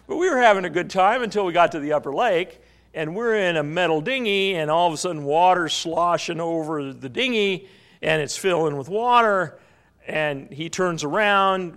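A man's voice: fairly high pitch, a bit bright. A man preaching a sermon, telling a story and asking the congregation questions. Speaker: pastor.

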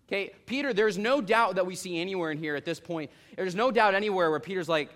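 A young man preaching an expository sermon, telling the story in a lively way and acting out the voices of the people in it. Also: sits high, fast talker, hardly any pauses.

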